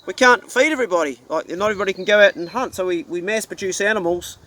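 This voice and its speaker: A man's voice: high voice, fast talker, bright, forceful tone. Blunt, profane New Zealand man. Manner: blunt and profane, folksy storytelling. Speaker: hunting vlogger. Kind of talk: casual rant to camera.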